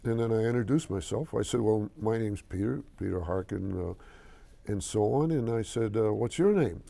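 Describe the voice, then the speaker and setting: A man's voice: lowish voice, expressive, moderate pace, creaky, warm tone. An older man telling a story as an interview guest, hesitant and full of restarts, who acts out the voices of the people in it. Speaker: interview guest, company chairman.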